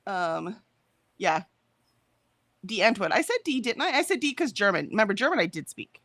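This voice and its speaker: A woman's voice: mid-range voice, big pitch swings, normal speed, a bit bright, no echo. An American woman co-hosting a livestream in casual chat, reading out viewer comments and laughing often. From United States. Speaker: livestream co-host.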